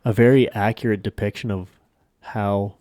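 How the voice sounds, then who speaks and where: Mellow laid-back man co-hosting a podcast. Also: lowish voice, fairly even intonation, normal speed, dry recording, clean studio sound. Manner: laid-back, laughs often. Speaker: podcast co-host. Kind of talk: casual chat.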